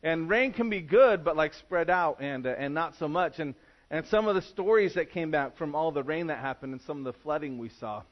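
High-voiced pastor preaching casually. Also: male voice, fairly quick, dull audio. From California. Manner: conversational preaching with frequent restarts and fillers. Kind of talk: sermon.

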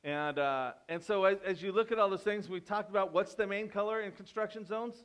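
A pastor giving a sermon in a conversational manner, teasing the congregation and turning emphatic with sudden quiet drops. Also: male voice, high-pitched, fairly quick, clear, resonant tone. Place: church.

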